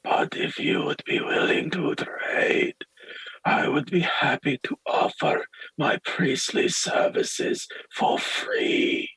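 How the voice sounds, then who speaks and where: A man puts on a frail old village priest who talks in a hoarse, breathless whisper. He sounds wary and worn out, pleading softly, with no room sound around him. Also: a little high, slow, no echo, voice pushed up, full character voice, rough recording. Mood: weary whisper.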